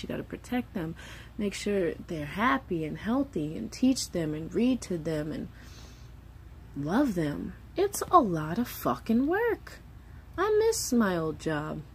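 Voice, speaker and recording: A woman's voice: lowish voice, slight background noise. A woman in her thirties, a mother of three, talking candidly and emotionally in a casual vlog monologue, swearing freely.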